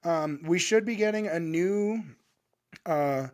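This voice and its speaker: Man, fairly high voice, casual podcast chat, brash, hyped, cursing. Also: takes it slowly. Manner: loud, swearing, hyped and joking. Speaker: podcast co-host. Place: home podcast studio.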